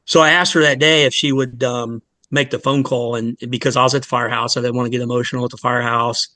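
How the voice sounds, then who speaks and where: Man, forties, earnest and halting, mid-pitched voice, dry close sound. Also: flat delivery, bright, forceful tone, no room sound. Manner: earnest, halting, with many restarts and fillers. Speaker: fire department lieutenant, guest. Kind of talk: emotional personal story in a podcast interview.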